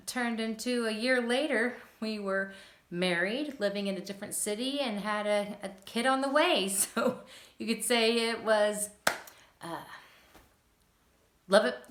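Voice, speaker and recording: A woman's voice: medium pitch, a bit bright. A woman in her thirties, speaking casually to her camera at home. She tells a personal story in a chatty, upbeat way and laughs often. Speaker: vlogger sharing her epilepsy journey. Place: living room at home. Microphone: phone or camera on a stand. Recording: roomy home echo.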